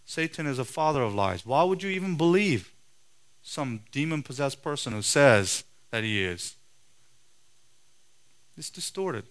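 A man preaching a sermon in a forceful, emphatic way, his voice swelling loud and then dropping low. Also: lively intonation, measured pace, pauses often. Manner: forceful, emphatic preaching with sharp rises and drops in loudness.

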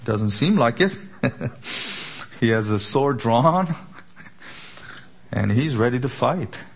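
A man preaching an expository sermon, emphatic, asking rhetorical questions and slowing down on key words. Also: medium pitch, expressive, gravelly. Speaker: pastor.

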